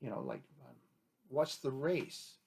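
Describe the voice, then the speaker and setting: A man's voice: mid-range voice, huge pitch swings, a little slow, gravelly, a little mellow, husky. A man giving an unscripted talk as a chief, rambling and argumentative, posing rhetorical questions and acting out imagined exchanges. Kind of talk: unscripted spoken commentary.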